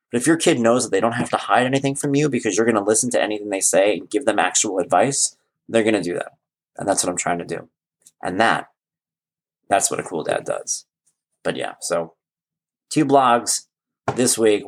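Animated dad telling stories. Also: male voice, on the low side, vocal fry. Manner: animated, acts out quoted voices. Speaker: host. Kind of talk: casual storytelling monologue.

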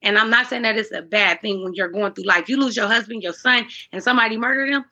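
Speaking quickly, a woman sits as a guest in a candid, conversational interview, her voice slightly high, bright and tinged with husky breathiness. She talks earnestly about faith and restarts sentences as she goes, all captured on dull, lo-fi audio.

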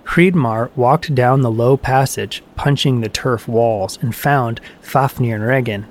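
A man narrating an audiobook of myths with measured, even storytelling. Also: mid-range voice.

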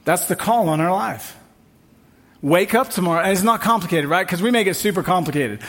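A man's voice: high-pitched, lively intonation, brisk. A man preaching a sermon at a church service, emphatic and building on repeated refrains. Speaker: pastor.

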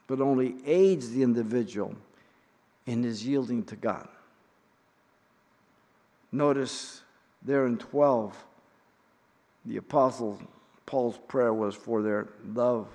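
In a hall with long reverb, a middle-aged man leads an in-depth Bible study. His mid-range, darkish voice comes out measured and emphatic, with pauses and the occasional filler.

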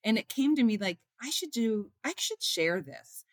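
With a slightly high, sing-song voice at a normal speed, a woman interviewed as an author and mother tells earnest, heartfelt stories. She acts out what people said, and the studio-quality recording is dry.

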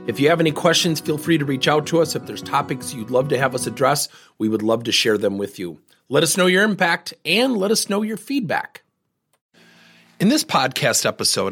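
A man's voice: medium pitch, moderate pace, slightly rough, soft background music. A man hosting a coaching podcast, giving direct advice and telling stories where he acts out the people in them. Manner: animated storytelling, acts out quoted people. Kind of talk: solo podcast monologue.

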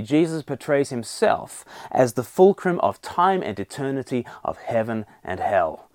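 A man preaching a sermon, rising in pitch and loudness to stress his key points. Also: very animated, a little slow, few pauses, no echo, clean studio sound.

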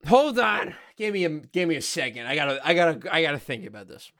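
A man's voice: on the high side, sing-song, quick pace, fairly bright tone, no room sound, studio quality. A man co-hosting a podcast, quizzing his partner and playing mock-outraged. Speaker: podcast co-host. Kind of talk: casual comedic banter.

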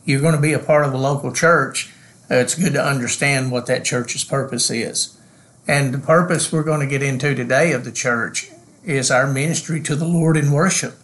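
A man's voice: medium pitch, fairly even intonation, a bit bright. A man co-hosting a ministry podcast, teaching in an earnest, preacherly way. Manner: earnest, preacherly, drawn-out emphasis. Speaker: pastor and podcast co-host.

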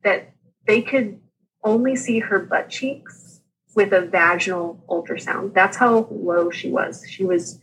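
A woman in her thirties telling her birth story as an interview guest, lively and laughing, acting out the voices of the people in it. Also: medium pitch, slow pace, husky, rough recording.

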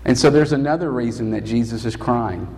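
A man preaching a sermon as pastor, emphatic and rising to loud calls. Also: mid-range voice, a little fast. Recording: long hall reverb.

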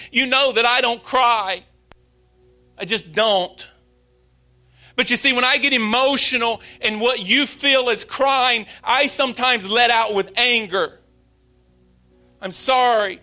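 A man's voice: very high-pitched, sharp tone. A man in his late thirties preaching a sermon as pastor, speaking earnestly and openly about his own struggles. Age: 30s. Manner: earnest, confessional, slow and emphatic.

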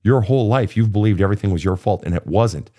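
Here the therapist host, a man in his fifties, talks quickly in a lowish, mellow voice. His emotional coaching of a guest through childhood pain is profane, blunt and impassioned.

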